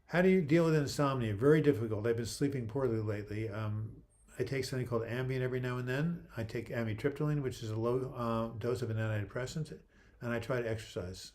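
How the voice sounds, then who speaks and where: A man's voice: mid-range voice, fast, darkish tone. An older man hosting a casual livestream, reading viewer comments aloud and answering them in a chatty, joking way with frequent restarts. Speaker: livestream host.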